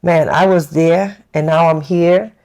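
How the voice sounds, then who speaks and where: A woman's voice: sits low, fairly even intonation, unhurried. A woman hosting a casual interview who responds with frequent short agreements and talks openly about herself. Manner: warm, affirming, many short agreements. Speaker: podcast host.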